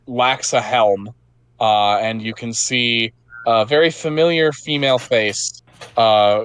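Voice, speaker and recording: A man's voice: mid-range voice, fairly bright tone, clear, resonant tone, dry recording. A man narrating as game master of a tabletop game, loose and casual, with frequent fillers.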